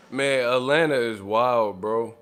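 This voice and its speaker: A man hosting a boxing channel and telling a story in casual, profane, animated talk with frequent laughter. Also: medium pitch, slow, clear, resonant tone.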